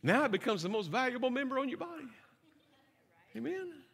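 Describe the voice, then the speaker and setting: A middle-aged pastor preaches with a notably high, bright voice, mixing humor and stories into his sermon. He checks in with his listeners as he goes. His voice rings out through a long, reverberant church hall. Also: sing-song, fairly quick, slightly rough. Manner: humorous storytelling with asides to the congregation.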